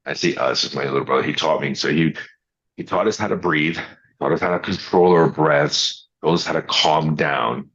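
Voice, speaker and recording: A man's voice: a bass voice, normal speed, a bit bright, husky, dull audio. A man co-hosting a casual early-morning podcast, telling rambling stories with many restarts and acting out what others said. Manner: rambling storyteller, restarts, acts out quotes. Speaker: podcast co-host.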